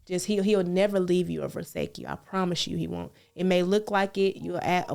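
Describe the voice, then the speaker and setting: A woman talking earnestly on a podcast, repeating phrases and reassuring the listener, with animated storytelling. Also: on the low side, quick pace, gravelly, hardly any pauses. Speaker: podcast co-host. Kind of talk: casual heartfelt podcast chat.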